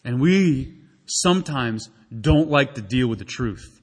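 A man preaching a sermon, animated and acting out the voices in the story. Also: medium pitch, slow, slightly rough. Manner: animated, acts out quoted voices. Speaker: pastor.

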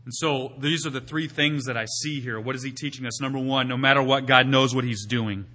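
Male preacher, bright, tense tone, emphatic, asks rhetorical questions. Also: medium pitch, fairly even intonation, brisk. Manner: builds to loud emphatic peaks, then drops to quiet teaching. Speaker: pastor. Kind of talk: sermon.

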